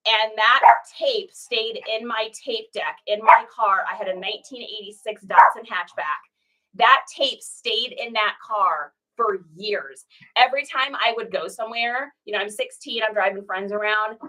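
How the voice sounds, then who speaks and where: A woman's voice: medium pitch, a little slow, pushed and bright, recorded from a distance, a little hiss or hum, low-quality recording. A woman in her forties from Washington State, chatting casually in a rambling way while packing orders, and breaking off now and then to talk to her pet. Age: 40s. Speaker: online reseller host.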